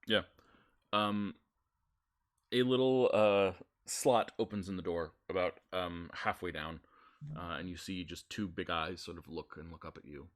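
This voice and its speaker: A man narrating as game master of a tabletop game, relaxed and a little hesitant. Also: sits low, a little slow.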